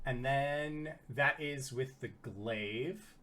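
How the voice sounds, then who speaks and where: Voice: medium pitch, extremely slow, fairly bright tone, a little hiss or hum. A game master narrating a tabletop game in a loose, casual way, with frequent fillers and a bit of swearing.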